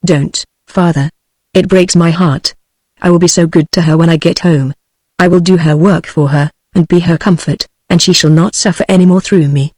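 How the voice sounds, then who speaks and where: A gentle young warrior maiden, read by a text-to-speech voice at a medium pitch. The reading stays even and plain, with no change of voice for her. The sound is dry and close. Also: moderate pace, no echo, natural voice. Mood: tender. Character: young peasant woman turned gentle warrior.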